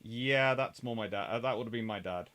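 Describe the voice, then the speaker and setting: A man's voice: medium pitch, brisk, a bit bright. Man from England, livestream host, casual chat, reads viewer questions aloud, easygoing answers.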